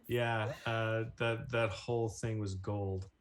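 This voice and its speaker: A man chatting on a panel, hesitant and halting, with a few chuckles. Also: on the low side, flat delivery. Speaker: player on the show. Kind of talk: casual panel chat.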